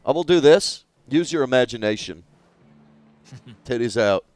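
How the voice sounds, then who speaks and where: A man's voice: mid-range voice, lively intonation, a little slow, darkish tone, dry recording. A young man streaming a video game, joking crudely and rambling in casual commentary.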